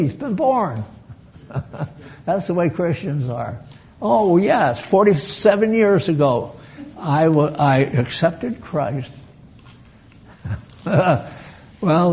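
Slow, folksy older preacher. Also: male voice, fairly high pitch, a little mellow. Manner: folksy, bantering with the congregation, chuckling asides. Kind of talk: sermon.

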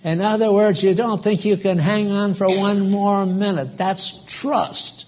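Older male preacher, high voice, unhurried, emphatic, rambling. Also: a little mellow. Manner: emphatic, rambling, quizzes the congregation. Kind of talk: live sermon.

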